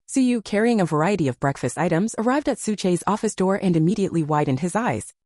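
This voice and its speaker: A woman's voice: lowish voice, expressive, quick pace, darkish tone, dry recording, clean studio sound. A woman narrating a romance novel in a scripted storytelling manner.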